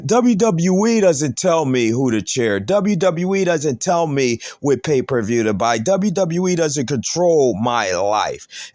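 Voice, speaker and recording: A man's voice: on the high side, darkish tone, dry recording. Emphatic man ranting wrestling news. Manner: emphatic, repetitive, rhetorical questions. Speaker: host.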